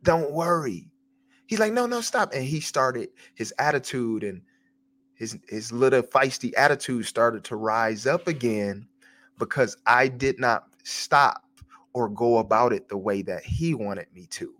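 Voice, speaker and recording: A man's voice: mid-range voice, unhurried, fairly bright tone. Earnest male podcast host with a mid-range voice, hesitant, tells faith stories. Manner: earnest, hesitant, repeats words. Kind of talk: devotional storytelling.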